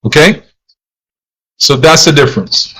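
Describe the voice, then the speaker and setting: A man's voice: on the high side, lively intonation, measured pace, a bit bright, poor audio. A man teaching a live-streamed language lesson, patiently explaining and repeating phrases in Spanish and English.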